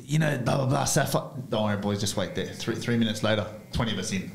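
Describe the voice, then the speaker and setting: A man drops short remarks and quick agreement into a relaxed conversation. His voice is gravelly and creaky. The recording is roomy and echoey. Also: on the low side. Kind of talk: casual chat. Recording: roomy echo.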